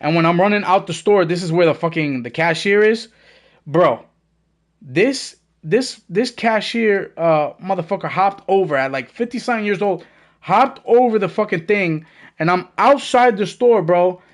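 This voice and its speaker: A man's voice: sits high, normal speed. A young man, telling a story on a gaming stream in casual, profane talk and acting out the voices in it. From the Bronx, New York.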